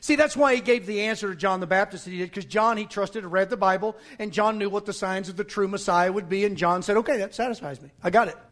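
High-voiced pastor preaching hard. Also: male voice, fast, hardly any pauses. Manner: emphatic, scornful, bursts into shouts. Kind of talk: sermon.

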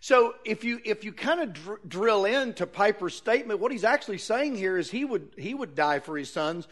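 A man's voice: high-pitched, expressive, moderate pace, fairly bright tone. A man preaching a sermon, reading Bible verses aloud and arguing his point earnestly with rhetorical questions.

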